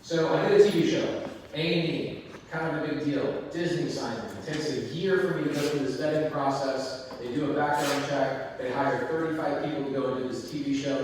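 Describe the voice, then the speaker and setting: A man giving an energetic, conversational motivational talk to a live audience, acting out the dialogue in his story. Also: medium pitch, a little hiss or hum. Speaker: event speaker. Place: large hall before an audience. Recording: echoey hall, distant mic, faint ambience.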